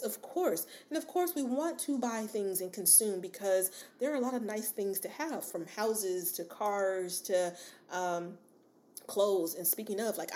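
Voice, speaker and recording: A woman's voice: mid-range voice, darkish tone. A woman hosting a solo podcast, talking casually and encouragingly to her listeners with lots of fillers and asides. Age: adult with a daughter. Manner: casual, chatty, rambling with many fillers and asides; addresses listener as sis, encouraging. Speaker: podcast host.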